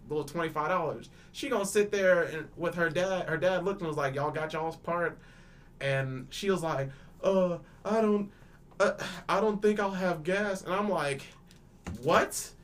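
A young man with a slightly high voice, telling an animated story on a casual podcast. He laughs often, swears freely, stumbles over repeated words and voices everyone's lines himself, with a faint hiss of noise behind him. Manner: acts out both sides of quoted dialogue. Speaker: podcast panelist.

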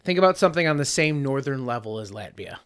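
A man's voice: mid-range voice, lively intonation, quick pace, a bit bright, clear, resonant tone. A man co-hosting a casual podcast, running a word-guessing game and teasing the others. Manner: playful, teasing quiz-master. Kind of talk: casual chat.

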